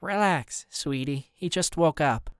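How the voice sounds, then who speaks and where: A man's voice: fairly high pitch, measured pace, smooth, no room sound, clean studio sound, pitched above the performer's own voice. A man voicing a caring mother holding her family together under strain, in an audiobook. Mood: soothing, worried. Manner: soothing but strained. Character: caring, stressed middle-aged mother.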